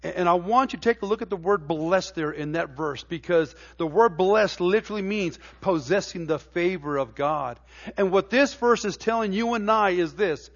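A middle-aged male pastor preaching a sermon in a church, moving from folksy, stammering stories to emphatic preaching. His voice sits high for a man and has a gravelly edge. The recording sounds a little dull and lo-fi. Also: moderate pace. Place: church sanctuary.

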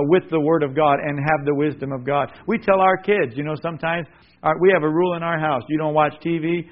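A man preaches with earnest, rising emphasis, often turning to his listeners as "son." His voice sits a little high for a man. The sound is dull and muffled, like a radio broadcast. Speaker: pastor. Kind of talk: sermon.

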